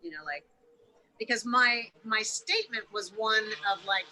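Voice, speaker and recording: Woman on a podcast, super bright sharp voice, swears a ton, keeps restarting sentences. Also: on the high side, expressive, normal speed, rough recording. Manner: emotional, swears freely, repeats and restarts often. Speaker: podcast guest. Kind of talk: candid storytelling interview.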